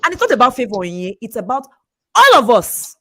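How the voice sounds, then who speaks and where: A woman coach talks fast and emphatically, her voice rising and falling with lively swings in pitch. She sits a touch above the usual register for a woman and laughs often as she presses her points. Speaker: speaker and coach. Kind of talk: motivational talk.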